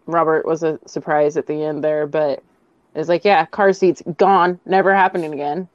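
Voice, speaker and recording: A woman's voice: low-pitched, flat delivery, moderate pace, no room sound, muffled recording. A woman in her thirties chatting on a podcast, teasing and laughing easily. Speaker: podcast guest. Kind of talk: casual chat.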